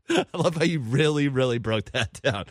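A man's voice: mid-range voice, no room sound, clean studio sound. A man hosting a casual podcast, laughing often and upbeat as he wraps up the episode. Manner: laughing, upbeat, wrapping up the show. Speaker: podcast host.

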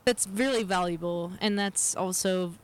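A woman's voice: on the low side, measured pace. A young woman hosting a casual interview chat, friendly and encouraging, often restarting her sentences. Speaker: host, interviewer.

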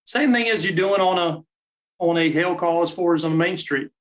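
Guest man, slightly high voice, practical and plainspoken, explains step by step. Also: normal speed, rough recording. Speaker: guest, call maker. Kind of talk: casual technical explanation.

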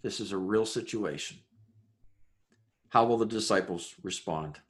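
A man preaching a sermon, building through rhetorical questions and dropping to a hushed voice for emphasis. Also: on the low side, measured pace. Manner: dramatic rhetorical questions, swings between loud and hushed. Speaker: pastor.

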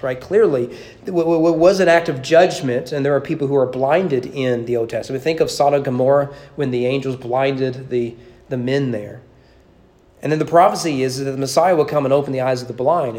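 A man's voice: medium pitch, a little mellow. Emphatic male preacher. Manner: emphatic, rhetorical questions, repetition. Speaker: pastor. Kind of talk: sermon.

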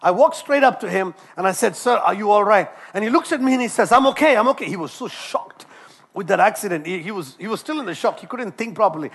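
A man's voice: sits high, animated, fast talker, slightly rough. A man who is a doctor preaches a sermon, telling a personal story and often repeating words and restarting phrases.

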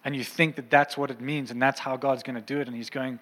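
A man's voice: medium pitch, level tone, fast talker, fairly bright tone, in a large hall, low-quality recording. A man preaching a sermon as a pastor, earnest and impassioned, in a church auditorium.

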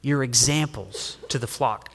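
A middle-aged man preaching a sermon as a pastor, lively and humorous, swinging between loud emphasis and quiet asides. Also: mid-range voice, measured pace, slightly rough. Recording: long hall reverb.

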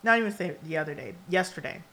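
A woman's voice: lowish voice, fast talker. Profane, laughing woman podcast host. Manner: profane, candid, laughs often; animated storyteller with asides. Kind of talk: casual solo monologue.

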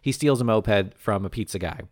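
Man, comedy podcast co-host, casual and animated, slips into character voices, dry close mic. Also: lowish voice, no room sound. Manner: animated, acts out characters in quick voices, profane. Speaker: podcast co-host recapping a movie.

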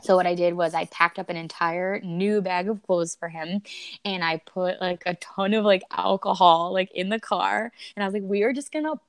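A woman in her thirties tells a personal story as a podcast guest, animated and emotional, laughing now and then. Her voice sits a little low. The sound is dry and close. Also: moderate pace, dry recording. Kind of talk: candid storytelling.

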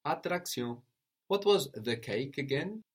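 A man teaching a language lesson, patiently modeling pronunciation slowly and asking a student to repeat. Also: fairly high pitch, expressive, husky.

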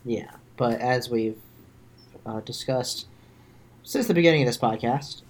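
A young man co-hosting a podcast in casual chat, sarcastic with deadpan jokes. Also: mid-range voice, measured pace, long pauses. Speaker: podcast co-host.

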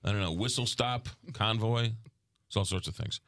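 A man's voice: on the low side, a bit bright, no room sound. A man with a New York accent hosting a morning radio show, chatting casually with frequent ums and uhs. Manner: halting, lots of ums and uhs. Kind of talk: casual on-air chat.

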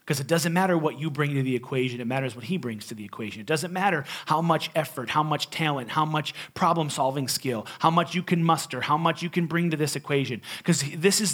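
Animated preacher man, higher voice. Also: a little fast, hardly any pauses. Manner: animated, conversational, with jokes and emphatic swings. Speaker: pastor. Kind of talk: storytelling sermon.

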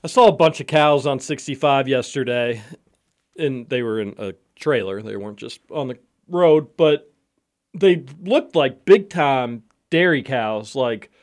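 A man's voice: mid-range voice, lively intonation, a little slow, no echo, studio quality. A man co-hosting a morning sports radio show, chatting casually and joking in a rambling way. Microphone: studio microphone.

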